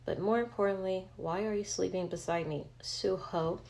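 A woman's voice: medium pitch, fairly even intonation, moderate pace, vocal fry, darkish tone, lightly acted. A woman voicing a flustered, tired young female student who talks to herself. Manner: self-talking, flustered.

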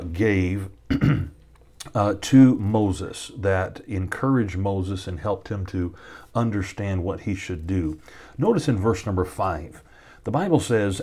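A man's voice: lowish voice, a little mellow. A man preaching a sermon, earnest and often restarting his sentences, with rising, emphatic peaks. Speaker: pastor.

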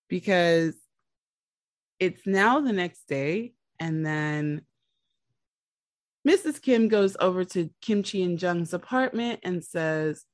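A woman podcast host recaps a TV episode in a relaxed, chatty storytelling manner. She talks slowly in a lowish voice, and the recording is dry and close. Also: dry recording.

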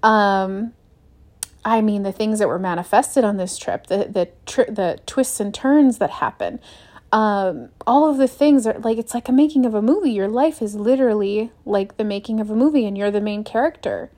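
Speaking at a moderate pace in a darkish, mid-range voice, a young American woman runs a solo motivational podcast. She's earnest and upbeat, slipping into short acted-out quotes as she goes.

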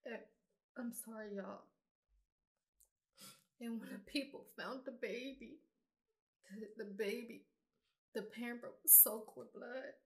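A woman's voice: on the high side, takes it slowly, long pauses. A woman giving an earnest, emphatic spiritual monologue straight to her viewers in a casual vlog. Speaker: vlogger.

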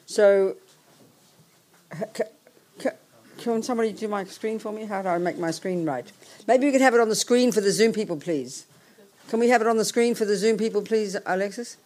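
A woman's voice: mid-range voice, brisk, darkish tone. A woman from England, leading a hybrid group session in a meeting room, rambling and cutting herself off as she sorts things out. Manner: rambling, self-interrupting, talks while sorting things out. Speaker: session leader. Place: meeting room with a live audience and remote listeners.

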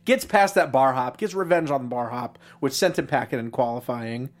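A woman with a deep, low voice co-hosts a fan after-show in relaxed conversation. She recaps runs with numbers and slips in quick jokes, keeping an upbeat tone. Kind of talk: casual chat.

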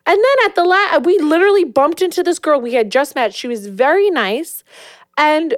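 A young woman co-hosting a casual podcast, chatty and animated, full of fillers. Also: high voice, normal speed, dry recording, clean studio sound. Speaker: podcast co-host. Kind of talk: casual chat.

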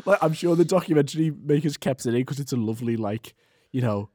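A man co-hosting a casual chat, animated and quick to laugh. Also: medium pitch. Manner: animated, laughs often, many fillers and restarts.

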